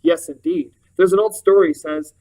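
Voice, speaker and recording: A man's voice: high voice, a little mellow, recorded from a distance, voice pushed up, poor audio. A man voicing a bossy little old countrywoman. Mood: nosy. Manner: brisk, scolding, nosy.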